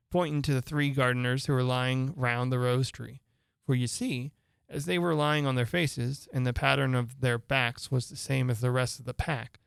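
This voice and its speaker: A man reading a classic storybook aloud as narrator, in a measured, expressive way. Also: medium pitch, no echo, studio quality. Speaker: audiobook narrator.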